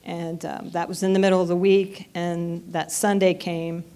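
A woman in her fifties gives her testimony to a church congregation. Her low, flat voice moves in an earnest, halting way, circling back and restarting as she goes. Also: clear, resonant tone. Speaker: church member giving testimony. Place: church sanctuary.

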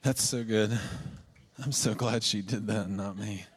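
A man's voice: fairly low pitch, fairly even intonation, unhurried, a little hiss or hum. Male pastor, earnest emotional sermon delivery, repeats key phrases.

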